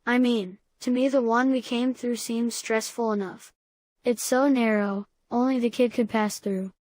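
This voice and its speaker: Stammery scared kid read by a woman, a bit high, dry audiobook sound. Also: fairly even intonation, darkish tone, no echo, close to an everyday voice. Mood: puzzled. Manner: halting, stammering. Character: scared, clever boy Simon trapped in tunnels.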